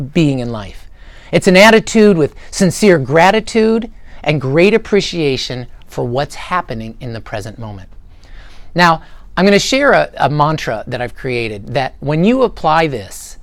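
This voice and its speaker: A man's voice: a little high, no room sound. A middle-aged man giving an earnest motivational talk to a live audience, acting out little quotes as he goes. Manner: animated and earnest, acts out quotes. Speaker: motivational speaker.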